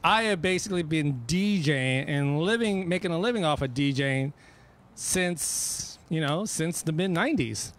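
A man's voice: on the high side, moderate pace. A middle-aged man chatting casually as a DJ guest, telling stories with lots of repeats and restarts. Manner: animated storyteller, repeats himself. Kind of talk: casual chat.

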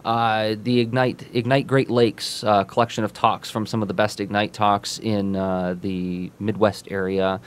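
A man hosting a casual comics podcast, talking quickly and eagerly with frequent restarts. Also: on the low side, level tone. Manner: enthusiastic, talks fast with many restarts. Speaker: podcast host. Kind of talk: casual chat.

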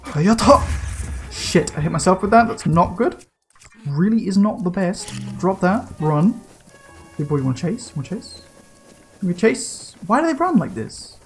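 A man giving casual gameplay commentary, excitable and slangy, swearing and yelping as he plays. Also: sits high, moderate pace, faint music behind. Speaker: let's play gamer.

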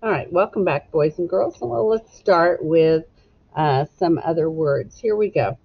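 Teacher lady sounding out letters real slow for kids, kinda dull lo-fi audio. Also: lowish voice, slightly rough. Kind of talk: recorded phonics lesson for children.

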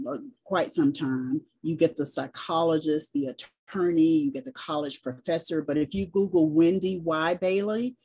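A middle-aged woman with a Southern US accent talks through her stories at an easy pace, even spelling things out. Her voice sits low and mellow, with a husky edge to it. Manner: chatty storyteller, spells things out. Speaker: business and sales coach, guest. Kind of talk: casual interview chat.

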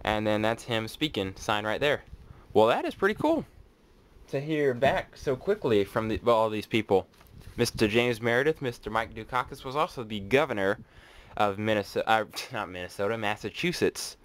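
Chatty excitable man, low voice. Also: moderate pace. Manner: chatty, excitable, thinking aloud. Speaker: autograph collector vlogger. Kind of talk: casual unboxing vlog.

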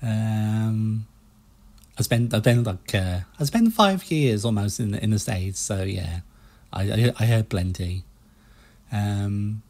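A man hosting a casual let's play, chatting in a relaxed, self-mocking way as he plays. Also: lowish voice, slow pace. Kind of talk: casual game commentary.

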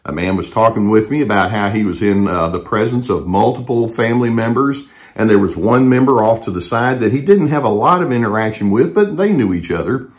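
An older man and therapist giving calm, measured advice to the camera, with frequent fillers and restarts. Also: on the low side. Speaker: therapist and channel host.

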